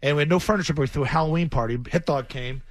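A man hosting sports talk radio, loud and joking. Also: a little high, very fast. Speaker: radio host.

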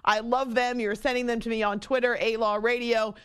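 A woman hosts a late-night sports radio show into a studio microphone. She talks in a loose, chatty way, makes fun of herself and breaks into little giggles. Her voice sits a bit higher than most. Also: little pitch movement, brisk, smooth. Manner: chatty, self-mocking, giggly asides.

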